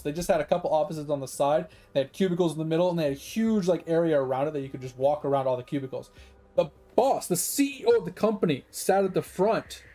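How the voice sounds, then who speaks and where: A man streaming a game who tells a long, rambling story, acting out the people in it and swearing freely. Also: on the high side. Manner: rambling, animated, quotes people in dialogue, swears. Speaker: gaming streamer. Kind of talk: casual storytelling while gaming.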